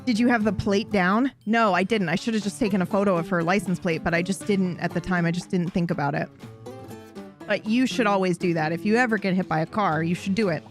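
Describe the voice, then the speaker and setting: A young woman streamer telling a story to her live chat, animated and swearing freely, often breaking into laughter. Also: medium pitch, a little fast, soft background music.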